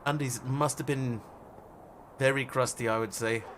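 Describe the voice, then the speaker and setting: Chatting jokily with viewers while he plays, this live-streamer rambles along in a relaxed way. His voice is medium in pitch and fairly bright, with a steady tone and moderate pace, over slight background noise.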